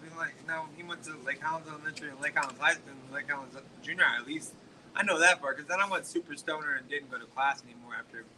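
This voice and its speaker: Bright, rambling, foul-mouthed man. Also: fairly high pitch, a little hiss or hum, poor audio. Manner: profane, rambling storyteller full of "like". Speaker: podcast host. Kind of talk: casual podcast chat.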